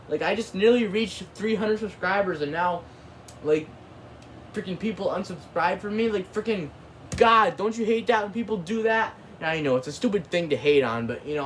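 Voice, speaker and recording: A man's voice: high-pitched, normal speed, fairly bright tone, slight background noise. A man hosting his own channel, ranting casually in a rambling way, full of filler words and mild cursing. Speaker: channel host.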